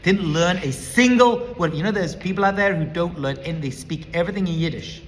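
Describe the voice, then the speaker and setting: Male rabbi, emphatic teacher, sharp bright tone, long hall reverb. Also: sits high, fairly quick, slight background noise. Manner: emphatic, lecturing, builds points as a numbered list. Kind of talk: teaching talk.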